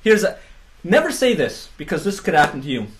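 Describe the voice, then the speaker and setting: A woman's voice: fairly low pitch, big pitch swings, fairly quick. A woman co-hosting a casual comedy chat show, joking and acting out silly voices as she goes. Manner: jokey, laughing, acts out silly voices. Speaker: co-host.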